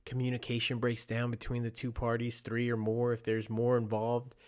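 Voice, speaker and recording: A young father hosts his podcast alone, musing aloud in a loose, conversational ramble. His voice sits at an ordinary middle pitch. He drifts into anecdotes as he goes. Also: completely flat delivery, normal speed, a little mellow. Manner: rambling, conversational, with storytelling asides. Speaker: podcast host. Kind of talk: casual solo monologue.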